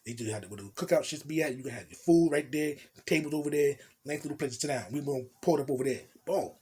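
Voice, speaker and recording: A young man from New Jersey casually telling a profane, animated storytime tale in street slang, acting out what people said. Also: fairly high pitch, fast talker, slightly rough.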